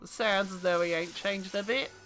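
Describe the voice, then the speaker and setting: A woman voicing a rough, gruff man from a harbor town with an effortful put-on seafaring accent. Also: mid-range voice, steady tone, normal speed, a bit bright, faint music behind, pitched above the performer's own voice, natural voice.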